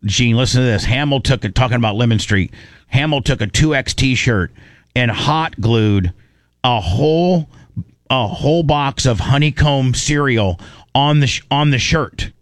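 A man with a mid-range voice chats casually, telling excitable, rambling stories and restarting his sentences. The recording is dry and close, with no room sound. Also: medium pitch, measured pace, dry recording. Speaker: radio show co-host. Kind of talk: casual storytelling chat.

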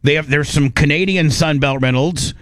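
A radio host with a slightly high voice, rambling and joking between long lists. He is recorded close and dry on a studio microphone. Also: normal speed, fairly bright tone, no room sound. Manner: rambling, joking, many fillers. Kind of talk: casual studio banter.

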